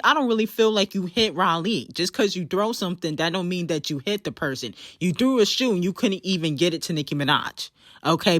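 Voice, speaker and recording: A woman hosts a commentary show and delivers a sarcastic, profane rant. Her pitch swings widely as she mocks her target. The recording is dry and close, with no room sound. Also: fairly bright tone, no echo. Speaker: commentary channel host.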